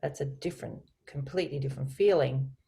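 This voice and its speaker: A woman voice coach speaking as a guest on a video call, explaining communication in an expressive, teacherly way. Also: rumbling low, a little fast, gravelly, slight background noise. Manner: expressive, teacherly, varies her inflection. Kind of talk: explanatory interview talk with spoken tone demonstrations.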